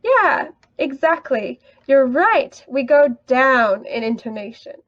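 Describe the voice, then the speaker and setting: A woman's voice: high-pitched, big pitch swings, slow, few pauses, no echo, lo-fi sound. A woman teaching an online English lesson, upbeat and encouraging, praising students often.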